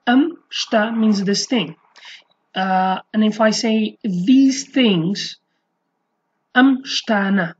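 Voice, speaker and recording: Woman, language teacher, husky voice, halting explanations full of fillers, dull lo-fi recording. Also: a little high. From Iraqi Kurdistan, Slemani. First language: Kurdish. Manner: halting explanations with frequent fillers and repeated example phrases. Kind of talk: online language lesson.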